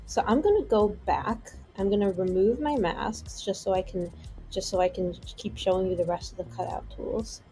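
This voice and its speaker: A woman hosting a casual software tutorial, chatty and rambling with playful asides. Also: mid-range voice, moderate pace, faint music behind. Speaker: tutorial host.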